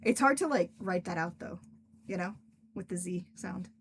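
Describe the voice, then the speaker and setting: A woman's voice: fairly low pitch, expressive, moderate pace, a little hiss or hum. A young adult woman hosting a casual livestream as an author, chatting with a friend and filling her talk with "like". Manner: chatty, lots of filler "like". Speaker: author and stream host.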